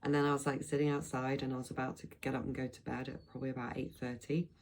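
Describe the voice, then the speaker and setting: Middle-aged woman from blackpool, deep gravelly voice, rambly vlog chat. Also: flat delivery, fast talker, darkish tone, a little hiss or hum, rough recording. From England, Blackpool. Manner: rambling, loose, full of restarts and asides. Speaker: vlogger.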